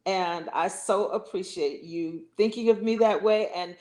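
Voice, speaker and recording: A woman's voice: fairly low pitch, a little slow. A woman from Washington, D.C., a writer and producer, speaking graciously in an interview. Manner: gracious, warm and laughing. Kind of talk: interview conversation.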